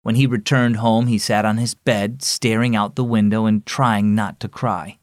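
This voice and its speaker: A man's voice: fairly low pitch, steady tone, moderate pace, dry recording, clean studio sound. A man hosting a children's devotional program, reading scripted narration in an encouraging storyteller's way.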